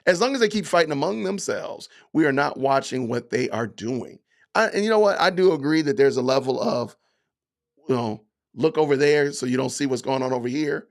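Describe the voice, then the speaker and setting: A man with a gravelly, medium-pitched voice and lively intonation hosts a livestream podcast, chatting loosely with viewers. He reads commenters' names aloud and answers with sarcastic, mock-offended reactions, stretching out and hammering his words.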